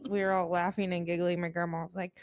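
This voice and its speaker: A woman co-hosting a podcast, telling a relaxed, joking story in casual chat. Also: lowish voice, quick pace, highs cut off. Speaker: podcast co-host.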